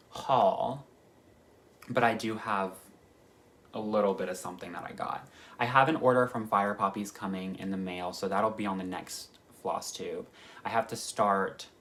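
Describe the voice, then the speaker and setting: A man's voice: fairly low pitch, a bit bright, a little hiss or hum. Gushing, chatty male stitching vlogger. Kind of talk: casual chat.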